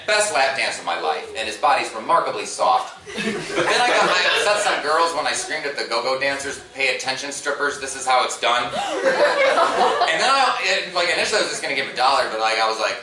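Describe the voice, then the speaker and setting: A man in his thirties doing a stand-up comedy set, telling rambling, self-mocking stories. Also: mid-range voice. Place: convention hall room. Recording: roomy hall, far from the mic, audience noise.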